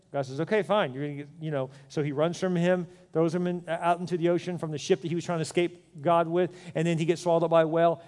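A male pastor preaching a sermon, telling personal stories with emphatic, animated delivery and frequent restarts. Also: on the high side. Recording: long hall reverb.

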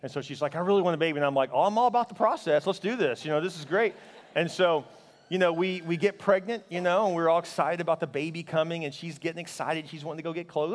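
A man preaching a sermon, telling a personal story with strong emotion, moving between loud, fervent passages and quiet, halting ones. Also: on the high side, long reverb tail. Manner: emotional storytelling, swinging from loud fervor to hushed, halting speech. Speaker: pastor.

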